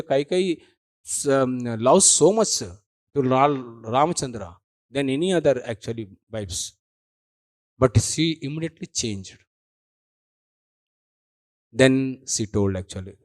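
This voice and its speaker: Man giving a halting scripture lecture. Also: fairly high pitch, a little mellow. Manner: halting, with frequent restarts and many repetitions of "actually". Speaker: scripture class speaker.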